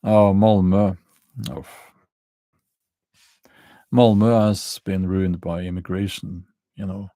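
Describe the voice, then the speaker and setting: A middle-aged man with a Norwegian accent, hosting a casual livestream and answering chat questions in a halting way, full of fillers and restarts. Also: deep voice, little pitch movement, mellow, dry recording. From Norway. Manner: halting, many fillers and restarts, chuckles dryly.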